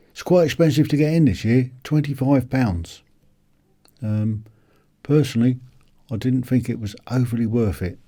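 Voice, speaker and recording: This motorcycle vlogger has a dark tone and medium pitch. Walking around a motorbike show, he rambles casually and keeps saying um and starting over.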